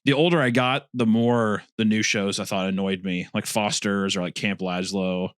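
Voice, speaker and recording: A man's voice: fairly low pitch, moderate pace, clean tone, no room sound, clean studio sound. A young man co-hosting a casual podcast, talking in a loose, swearing, rambling way. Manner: lively, swearing, trails off and restarts. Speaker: podcast co-host. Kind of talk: casual crude podcast chat.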